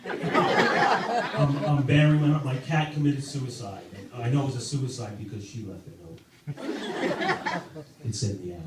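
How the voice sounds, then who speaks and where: A man doing a halting, self-deprecating stand-up set with many fillers and restarts, in a club basement with a live audience. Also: medium pitch. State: sober, in recovery. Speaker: stand-up comedian. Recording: very echoey room, distant mic, audible noise.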